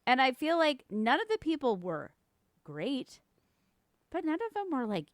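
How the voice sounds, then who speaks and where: A woman's voice: high voice, big pitch swings, a little slow, no room sound, clean studio sound. A woman co-hosting a podcast in casual chat, talking animatedly and laughing often. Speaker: podcast co-host.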